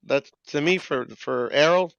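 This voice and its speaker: A man with a fairly high voice pushes his boxing point in halting bursts full of fillers. The recording is dry, dull and lo-fi. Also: vocal fry, a bit bright, clean tone, no echo. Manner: halting, many ums and uhs. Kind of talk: casual boxing debate.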